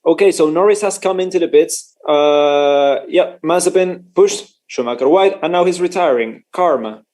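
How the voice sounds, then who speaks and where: A man's voice: fairly high pitch, moderate pace, darkish tone. A man casually commenting on a live race for his stream, chatty and joking, laughing often and stumbling over his words.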